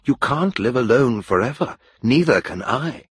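A man playing an insistent gentleman suitor who pleads slowly and earnestly. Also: medium pitch, lively intonation, breathy edge, no room sound, pitched above the performer's own voice. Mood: pleading.

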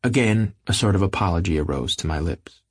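A man narrating an audiobook in a measured, literary first-person reading. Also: sits low, lively intonation, slightly rough, no echo, studio quality. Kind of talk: scripted narration.

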